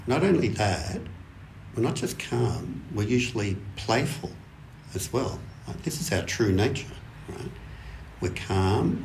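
A man with a deep, low voice gives a Zen dharma talk to a group. He speaks in an easy, unhurried way, building loose lists of qualities and often checking in with his listeners. A faint hiss sits under the recording. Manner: relaxed, thinking aloud in lists, often checking in with "right?". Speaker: Zen teacher.

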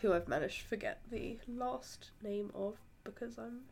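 A woman's voice: on the high side, normal speed, creaky, a little mellow. A woman co-hosting a podcast, chatting casually and giggling through a film review with lots of fillers. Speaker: podcast co-host.

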